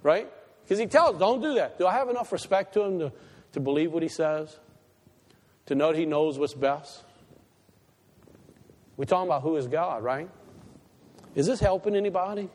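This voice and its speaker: A man delivering a sermon, his voice pitched high and lively. He climbs to loud, emphatic peaks, then drops to quiet, confiding asides. A long reverb trails behind him, as in a church hall. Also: moderate pace, long pauses. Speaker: pastor.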